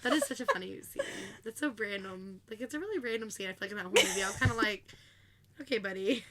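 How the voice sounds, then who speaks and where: A woman's voice: mid-range voice, expressive, quick pace, very noisy. A woman co-hosting a podcast, chatting casually with friends and laughing often. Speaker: podcast co-host. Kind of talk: casual chat among friends.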